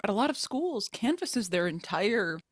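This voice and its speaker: A woman's voice: mid-range voice, very animated, moderate pace, dry recording, clean studio sound. A young woman journalist co-hosting a casual tech chat, explaining emphatically.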